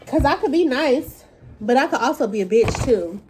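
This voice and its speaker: A woman's voice: high-pitched, lively intonation, normal speed, darkish tone, a little hiss or hum. Blunt, profane woman ranting. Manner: talks while eating. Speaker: vlogger. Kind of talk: casual mukbang rant.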